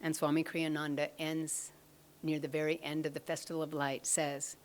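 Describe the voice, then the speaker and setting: A woman giving a devotional satsang talk, speaking softly and slowly, often close to a whisper. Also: low voice, level tone. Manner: soft, slow, often half-whispered.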